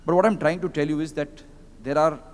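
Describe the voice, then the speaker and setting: A man with an Indian English accent, speaking on a conference panel and telling anecdotes in a lively way, slipping into Hindi phrases. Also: a little high, fast. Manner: animated storyteller who mixes in Hindi phrases. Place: large convention hall. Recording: long reverb of a conference hall.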